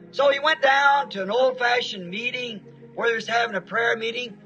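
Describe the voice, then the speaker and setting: A man from Arizona preaches a sermon as a story, folksy and plain-spoken, with homespun grammar. His voice is very high and bright. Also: rough recording.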